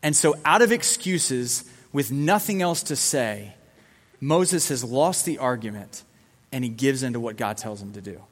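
A man's voice: medium pitch, expressive, a little slow. A man giving a casual, conversational sermon as a youth pastor, acting out the dialogue as he goes. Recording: long hall reverb.

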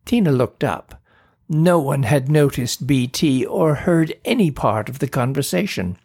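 A man narrates a children's story in a slow, steady read. His voice is gravelly with a husky edge. The pitch sits in an ordinary middle range. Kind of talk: storybook reading.

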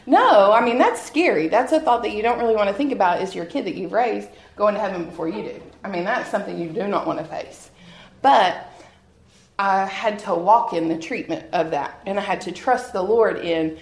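Before a church congregation, a woman gives her personal testimony in a medium-pitched, expressive voice at a moderate pace. She talks earnestly and from the heart, often laughing at herself, and her words ring through a large, echoing hall.

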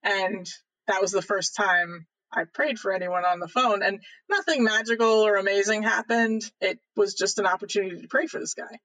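High, bright-voiced man telling a story. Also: moderate pace, hardly any pauses, dry recording, poor audio. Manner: earnest, faith-filled, animated retelling. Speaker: podcast guest. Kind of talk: casual personal storytelling.

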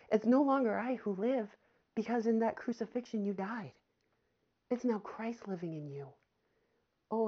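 A woman preaching a sermon with fervour, addressing her listeners as friends and having them repeat phrases after her. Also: mid-range voice. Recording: slightly dull, lo-fi audio.

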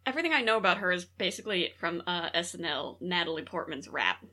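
Young woman podcast co-host, lively pitch, bright voice, swears freely, deadpan jokes. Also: quick pace. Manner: joking, profane, deadpan boasts. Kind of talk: casual chat.

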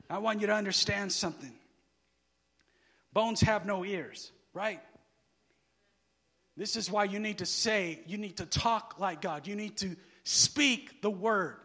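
High, bright-voiced preacher, slow and emphatic. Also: male voice. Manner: swings from hushed asides to shouted emphasis; asks the crowd to finish his sentences. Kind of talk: sermon.

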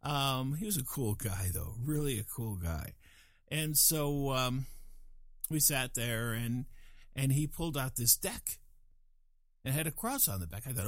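A man's voice: mid-range voice, expressive, normal speed, no echo, studio quality. A man in his sixties from Louisiana tells a long, digressive story to a group, with self-mocking asides. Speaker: speaker telling a story to a group. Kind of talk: casual storytelling.

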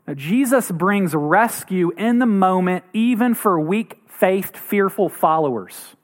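A man's voice: takes it slowly, few pauses. A man preaching a sermon as pastor, earnest, acting out quoted voices now and then. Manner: earnest, acts out quoted voices with rising pitch.

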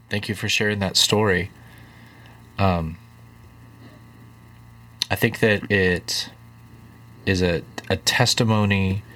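A man hosting a conversation about faith, becoming animated when he retells a parable. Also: low voice. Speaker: host.

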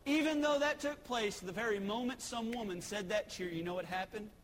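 A man's voice: sits high, fairly quick, in a large hall, poor audio. A man preaching a sermon, telling a story conversationally. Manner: storytelling, conversational with acted quotes.

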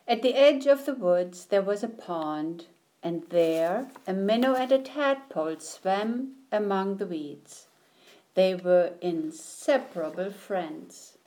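Slow, gentle woman reading a storybook. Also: mid-range voice. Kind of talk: children's picture book read aloud.

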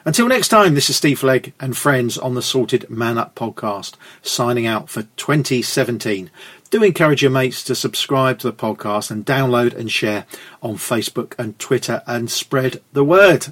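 A middle-aged man of ordinary pitch hosts a podcast. He asks his guest questions and signs off the show in a friendly, upbeat tone. His delivery is chatty and brisk. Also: animated, a bit bright. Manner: upbeat, friendly sign-off patter. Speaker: podcast host.

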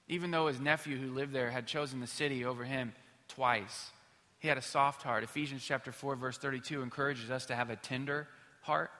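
A pastor in his thirties preaches a sermon in a medium-pitched, pushed, bright voice, recorded in a reverberant hall. His delivery is conversational, telling self-mocking stories about himself with many fillers.

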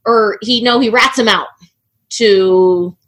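A woman's voice: medium pitch, takes it slowly, a bit bright. A woman on a podcast panel, chatting casually, swearing and laughing a lot as she recounts a story. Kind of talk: casual group chat.

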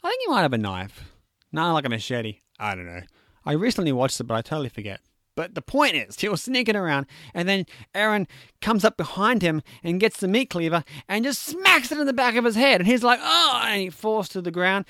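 A man with a high, light voice retells a film's plot in a loose, chatty way, joking along as he goes. The sound is close and dry, with no room around it. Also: fairly quick, no room sound. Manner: animated, chatty, jokey storytelling with fillers. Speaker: movie recapper. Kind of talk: casual movie recap.

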